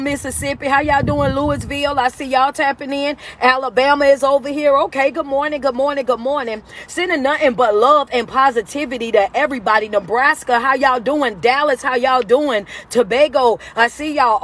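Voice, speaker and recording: A woman life coach hosting a live stream, greeting viewers by where they watch from in an energetic, casual way. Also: sits high. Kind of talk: live-stream motivational talk.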